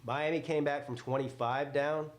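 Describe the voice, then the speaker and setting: A man's voice: a little high, steady tone, moderate pace, echoey room. A man hosting a live football reaction stream. He jokes, swears freely and answers his chat. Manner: loud, joking, swears freely, talks back to chat. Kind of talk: casual live reaction commentary.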